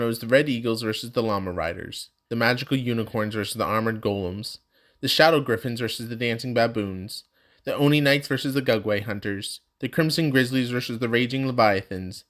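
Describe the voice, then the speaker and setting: Guy reading a fantasy audiobook, steady and measured. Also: mid-range voice. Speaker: audiobook narrator. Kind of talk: audiobook narration.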